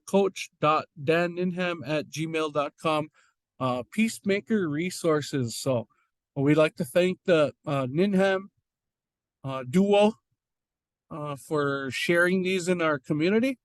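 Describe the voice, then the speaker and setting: A man teaching an informal language lesson, slowly repeating and sounding out words, with frequent fillers. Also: on the high side, no echo. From Red Lake.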